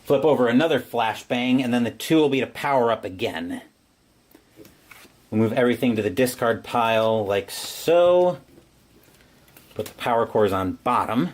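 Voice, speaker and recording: A man's voice: medium pitch, moderate pace, long pauses. A man playing a board game on his own and explaining each move step by step. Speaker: solo board game player. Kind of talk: board game playthrough commentary.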